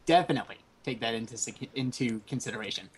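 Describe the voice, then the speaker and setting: A man's voice: mid-range voice, lively intonation, fast talker, slight background noise. A man co-hosting a casual live-streamed podcast chat, upbeat and loose, often repeating himself. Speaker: podcast co-host.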